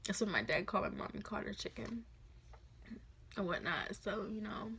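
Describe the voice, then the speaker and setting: A woman in her twenties tells a personal story in a casual vlog, speaking softly and haltingly with many fillers. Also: medium pitch, animated, gravelly, a little hiss or hum. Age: 20s. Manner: soft, halting, full of fillers. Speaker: vlogger.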